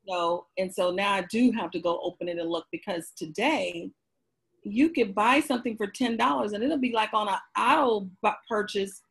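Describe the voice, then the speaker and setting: A woman's voice: medium pitch, normal speed, gravelly, a bit bright, slightly rough, low-quality recording. A woman bookkeeper, a guest on a podcast, talking casually and explaining money matters. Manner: chatty, explains with lots of "you know". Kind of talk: casual chat.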